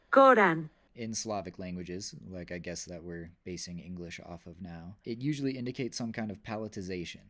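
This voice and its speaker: A young man giving a class presentation, with wry, deadpan asides. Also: lowish voice. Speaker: student presenter.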